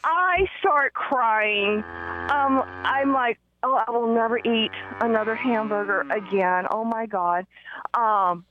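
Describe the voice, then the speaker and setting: Woman on a muffled phone line, kinda high voice, rambly and excitable, lots of ums. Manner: rambling, excitable, many fillers and restarts. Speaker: caller. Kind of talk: phone-in storytelling.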